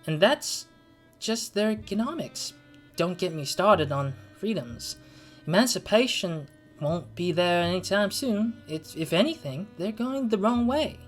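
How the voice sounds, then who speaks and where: A game streamer voicing an opinionated woman, trying a light Southern US twang that drifts toward British, slow and emphatic with stumbles. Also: mid-range voice, animated, faint music behind, voice pushed up, close to an everyday voice. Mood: indignant. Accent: light attempted Southern US twang slipping toward British. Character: opinionated woman, Mrs. Green, railing against communism. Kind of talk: let's play voicing of game dialogue.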